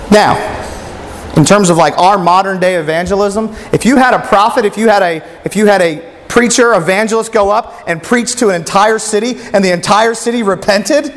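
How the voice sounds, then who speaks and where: A man's voice: sits high, moderate pace, long reverb tail. A man preaching a sermon who reads scripture aloud and asks his listeners rhetorical questions.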